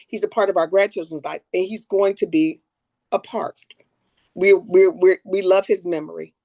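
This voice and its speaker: A woman's voice: lowish voice, darkish tone, no echo. Older woman, interview guest, earnest, reflective, dry close mic. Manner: earnest, reflective, repeats words when emotional. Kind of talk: candid personal conversation.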